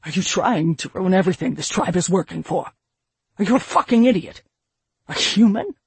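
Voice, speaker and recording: A man reading an audiobook, voicing a furious, domineering elf chieftain who growls and shouts threats at his daughter. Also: on the high side, normal speed, gravelly, breathy edge, no room sound, exaggerated voice. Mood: raging.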